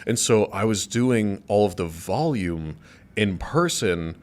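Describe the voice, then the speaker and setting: Laid-back man with a low voice. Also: animated, slow, a little mellow. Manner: laid-back, loose, full of fillers. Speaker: podcast guest. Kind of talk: casual chat.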